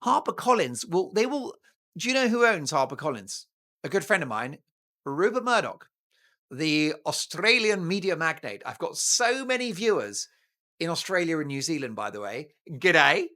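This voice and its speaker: A man hosting his own talk show, talking straight to his viewers in a jokey, animated monologue. His pitch swings widely as he riffs, teases and drifts into playful asides. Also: moderate pace. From United Kingdom. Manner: playful, jokey, breaks into mock Italian and snatches of song.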